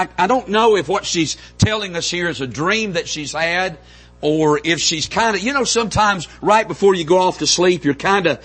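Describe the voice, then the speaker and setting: A man's voice: high voice, a bit bright, slightly rough. A man preaching a sermon from the pulpit of a church, talking in a folksy, conversational way. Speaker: pastor. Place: church sanctuary.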